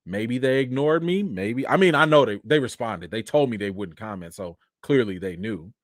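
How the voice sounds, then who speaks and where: Brief: male live-stream host, mid-pitched, emphatic and chatty, dry recording. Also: moderate pace, no room sound. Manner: animated, emphatic, talks straight to viewers. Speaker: livestream host. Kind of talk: casual live-stream talk.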